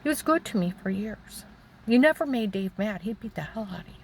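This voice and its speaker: A woman's voice: medium pitch, lively intonation, gravelly, noisy background. An older woman giving a rambling, emotional personal testimony about her own life. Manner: rambling, emotional, halting storytelling.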